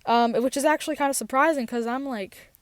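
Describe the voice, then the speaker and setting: A woman's voice: sits high, fairly quick, dry recording. A teenage girl telling a personal story in a rambling, casual way, with many fillers and restarts, recorded in a parked car. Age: teens. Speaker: podcast host.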